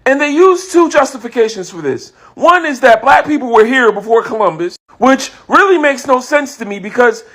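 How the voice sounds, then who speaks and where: A man's voice: extremely high pitch, animated, moderate pace, few pauses, fairly bright tone. A man delivering a scripted commentary monologue, emphatic and full of rhetorical questions.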